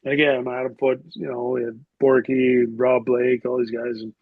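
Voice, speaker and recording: A man's voice: mid-range voice, moderate pace, gravelly, no echo, narrow, tinny audio. A middle-aged man telling stories as a podcast guest, rambling and swearing casually with lots of "like". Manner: rambling, profane, heavy use of "like". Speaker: podcast guest, former hockey player. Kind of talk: casual storytelling interview.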